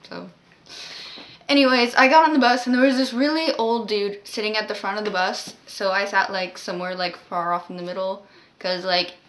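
A woman's voice: mid-range voice, gravelly, a bit bright, slight background noise. A woman telling a story to her vlog in a casual, rambling way, full of "like" and exasperated asides. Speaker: vlogger.

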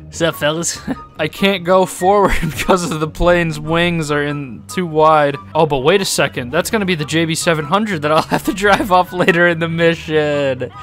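A young man giving let's-play commentary on a chaotic game, excitable and laughing often with sudden high yelps. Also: moderate pace, soft background music. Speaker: gaming YouTuber.

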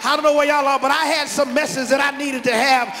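High-pitched shouting preacher in a hall. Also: male voice, steady tone, brisk. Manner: shouted, fervent preaching with exclamations; rhythmic repeated refrains and call-and-response. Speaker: pastor. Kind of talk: sermon. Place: large church sanctuary. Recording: live church hall with music and congregation behind.

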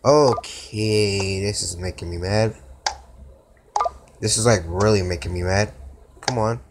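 A man's voice: on the low side, slow pace, background noise. A man doing casual mobile gameplay commentary, exclaiming and groaning at each try. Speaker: gaming YouTuber. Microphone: phone.

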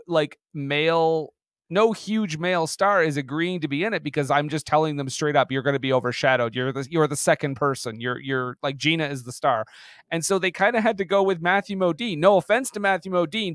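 A man recapping a movie on a comedy podcast, rambling and restarting his sentences as he goes. His voice sits a bit high, and the sound is close and dry. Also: fairly bright tone, smooth, no room sound. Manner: rambling, frequent laughs and restarts. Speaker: podcast host.

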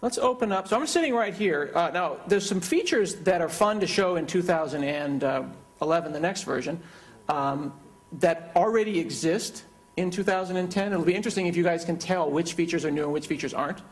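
Brief: male keynote speaker, live software demo, jokey and conversational, slightly higher-pitched voice. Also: a little fast. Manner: joking, conversational.

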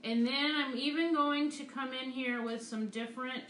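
In an art studio, a woman teaching art demonstrates painting live, narrating each stroke with upbeat encouragement. Her high-pitched voice is steady and fairly bright at a normal speed, and the audio is reverberant with a little hiss or hum.

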